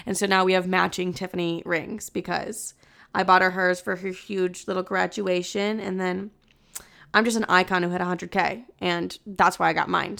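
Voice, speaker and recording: A woman's voice: mid-range voice, creaky, fairly bright tone. A woman in her twenties from Chicago, hosting a podcast in casual chat, chatty, with lots of "like" and "literally" and easy swearing. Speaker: podcast host.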